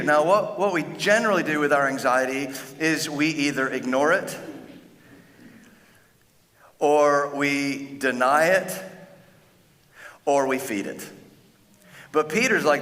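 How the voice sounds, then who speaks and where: A middle-aged man preaching a sermon as pastor, speaking earnestly and haltingly with frequent restarts. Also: on the high side, a bit bright. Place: large church hall. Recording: long hall reverb.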